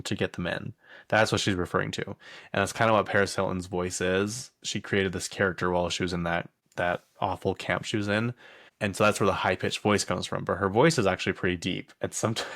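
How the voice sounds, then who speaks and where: A man's voice: low-pitched, creaky, fairly bright tone, no echo, clean studio sound. A young man hosting a casual pop culture chat, rambling along with plenty of fillers and laughs. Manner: rambling, chatty, laughs often, lots of fillers. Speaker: pop culture podcast host.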